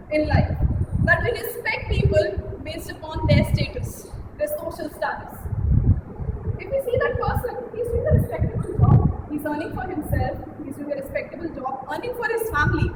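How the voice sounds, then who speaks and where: A woman speaks in a very high voice, earnest and measured as she gives a prepared speech. She is heard from across a reverberant meeting room. Heavy background hiss and traffic sit under her voice. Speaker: club member giving a prepared speech. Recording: echoey distant room recording with loud ambient hiss.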